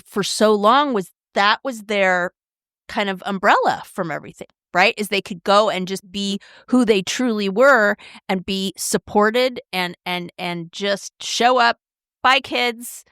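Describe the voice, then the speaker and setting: A middle-aged woman in casual podcast chat, frank and lively, leaning on "like" and "right?" as she talks. Her voice sits at a middling pitch, recorded dry and close with no room sound. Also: dry recording. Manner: candid, animated, says "like" and "right?" a lot. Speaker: podcast co-host.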